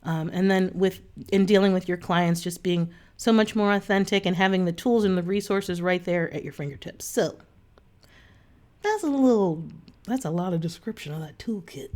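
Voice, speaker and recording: A woman's voice: lowish voice, moderate pace, a little mellow. Earnest chatty woman coach. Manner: chatty, earnest, many fillers and restarts. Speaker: coach addressing her online group. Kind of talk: casual talk to camera.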